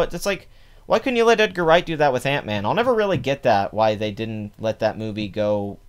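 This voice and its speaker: A man's voice: on the low side, clear, resonant tone. A man hosting a casual box office commentary, opinionated and rambling, with many fillers and restarts. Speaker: podcast host.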